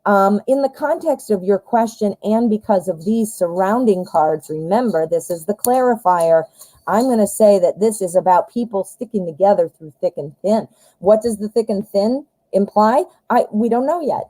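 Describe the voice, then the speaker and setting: Casting note: woman tarot reader on a live stream, mellow tone, dry close sound, encouraging and chatty. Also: medium pitch, dry recording, rough recording.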